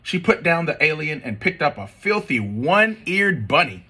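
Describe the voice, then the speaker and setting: A man's voice: on the high side, normal speed, few pauses, breathy edge. A man reading a children's storybook aloud and chatting with students about it. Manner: expressive, chatty.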